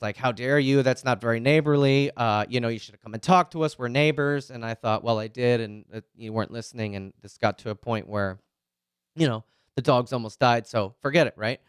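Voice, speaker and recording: A retired police officer in his forties talks frankly to a listening audience, tossing in "right?" again and again to keep them with him. His voice is smooth and resonant and sits a bit high for a man. It is recorded close and dry, with no room sound. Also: no room sound. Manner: candid, conversational, sprinkles "right?" and "you know". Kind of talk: personal talk to an audience.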